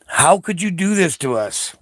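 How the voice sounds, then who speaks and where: A man's voice: sits high, big pitch swings, normal speed, no echo, studio quality. An older man from the United States, a Navy veteran, delivering an angry, profane political rant, confrontational and taunting.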